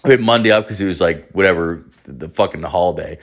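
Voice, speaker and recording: A man hosts a podcast, talking in a lowish voice. He rambles casually through his story, swearing constantly and filling it with "like". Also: fast talker. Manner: rambling, heavy swearing, lots of filler "like". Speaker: podcast host.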